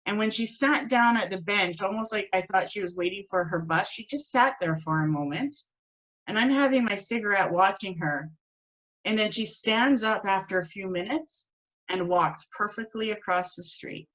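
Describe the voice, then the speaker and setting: A woman teaching a spiritual course, telling a personal story in an animated way and acting out the voices of the people in it. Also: mid-range voice, moderate pace, low-quality recording. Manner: animated, acts out quoted voices.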